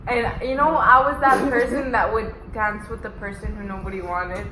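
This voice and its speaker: A woman's voice: mid-range voice, steady tone, normal speed, sharp tone. A woman in a casual, joking chat with friends while eating. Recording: roomy echo, faint noise.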